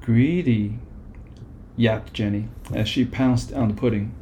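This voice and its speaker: A man reading a children's book aloud in a calm, even way. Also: lowish voice, moderate pace, highs cut off, a little hiss or hum. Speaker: storybook reader.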